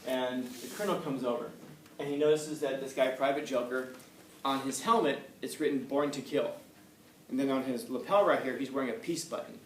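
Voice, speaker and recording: Casting: male teacher, conversational and repetitive, at medium pitch, distant mic in a reverberant room. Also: fairly quick. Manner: conversational, repeats points for emphasis. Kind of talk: classroom lecture. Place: classroom. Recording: echoey room, far from mic, faint noise.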